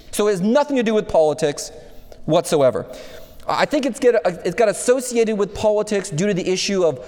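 A man's voice: sits high, a little mellow. A man preaching a sermon, first telling a personal story and then lecturing in a conversational way. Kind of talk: chapel sermon. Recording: long hall reverb.

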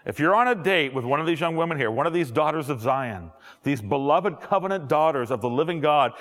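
A middle-aged man, a pastor, preaching a sermon with jokes and quick asides to his audience. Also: fairly high pitch, animated, a bit bright, long reverb tail. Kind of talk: sermon to young adults.

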